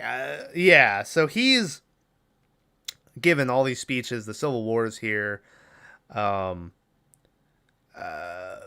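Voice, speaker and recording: A man's voice: mid-range voice, bright, forceful tone, clear, resonant tone. A man co-hosting a podcast, rambling through a casual movie recap with lots of fillers and swearing. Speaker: podcast co-host.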